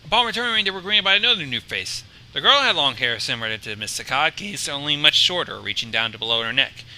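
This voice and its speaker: A man reading his own fan story aloud on a livestream, animated, with stumbles and restarts. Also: on the high side, fast, low-quality recording. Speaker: fan fiction reader and stream host.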